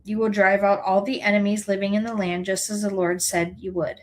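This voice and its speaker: A woman reads scripture aloud at a mid pitch, earnest and unhurried. She corrects the odd stumbled word and keeps going. Her delivery is plain and sincere rather than theatrical. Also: little pitch movement, a little hiss or hum, poor audio. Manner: earnest, unhurried reading with small self-corrections. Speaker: scripture reader.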